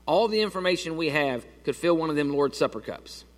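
A man delivers a sermon as a pastor, talking to the congregation like he's chatting with friends and stumbling over restarts. His voice sits a little high for a man. The sound rings with the long reverb of a church sanctuary. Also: animated, brisk. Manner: conversational storytelling with many restarts.

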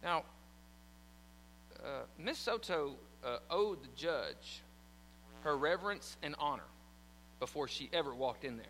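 A man's voice: fairly high pitch, animated, a little slow, pauses often, fairly bright tone, slight background noise. A man preaching a sermon in church, telling a story animatedly and acting out the quotes. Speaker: pastor. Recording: long hall reverb.

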